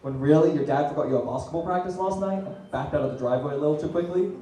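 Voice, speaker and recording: A young man doing a stand-up comedy set, dropping deadpan asides and loud punchlines. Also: on the high side, racing, recorded from a distance. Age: young adult. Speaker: student stand-up comic. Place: small comedy venue, audience laughing. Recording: very echoey room, heard from afar.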